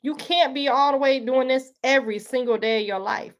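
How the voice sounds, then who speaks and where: A woman's voice: high voice, brisk. A woman hosting a live talk, speaking earnestly and preachily to her listeners, calling them y'all. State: emotional, tearing up. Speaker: livestream host. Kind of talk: casual spoken monologue.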